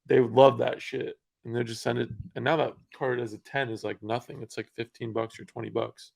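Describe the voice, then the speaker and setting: Young male podcast host, heavy vocal fry, loose and chatty. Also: medium pitch, a little fast. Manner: relaxed, filler-heavy, lots of "like". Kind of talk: casual podcast conversation.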